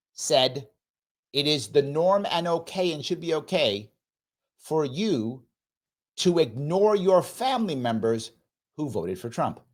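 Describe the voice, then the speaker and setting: A man hosting a live commentary show, reading viewer chat in a sarcastic, mocking way. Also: on the high side.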